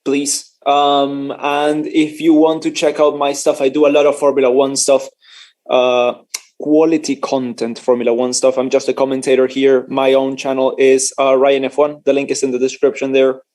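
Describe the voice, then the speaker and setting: A man's voice: mid-range voice, completely flat delivery, moderate pace, a little mellow. A man casually commenting on a live race for his stream, chatty and joking, laughing often and stumbling over his words.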